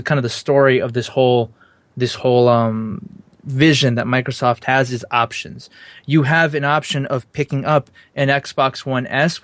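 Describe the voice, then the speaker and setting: A man's voice: mid-range voice, dry recording. A man co-hosting a podcast, laying out his views in long explanatory turns in casual talk. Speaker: podcast co-host.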